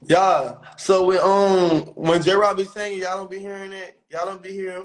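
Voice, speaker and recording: High-voiced man ranting profanely. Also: flat delivery, normal speed, hardly any pauses, low-quality recording. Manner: profane, exaggerated ranting, mocking falsetto impressions. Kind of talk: comedic rant.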